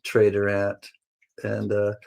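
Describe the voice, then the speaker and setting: A man's voice: on the low side, monotone, takes it slowly, gravelly, darkish tone. A man hosting a casual livestream, chatting playfully with viewers, greeting them by name and laughing often. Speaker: livestream host.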